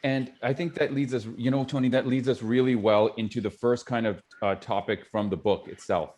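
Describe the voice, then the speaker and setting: A man hosts a casual podcast interview in a chatty, lively way. He jumps in often with quick comments and teasing asides. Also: mid-range voice. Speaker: podcast host.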